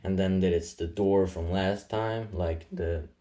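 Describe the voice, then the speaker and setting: A man's voice: sits low, steady tone, unhurried, warm tone. Guy rambling through a comic story, goofy sound effects, super casual. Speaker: comic narrator.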